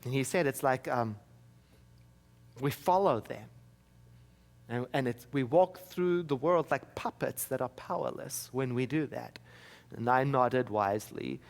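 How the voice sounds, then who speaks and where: A man's voice: medium pitch, a little slow, gravelly, pauses often. A man giving a sermon as minister, telling personal stories with wry, self-mocking humor. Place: church.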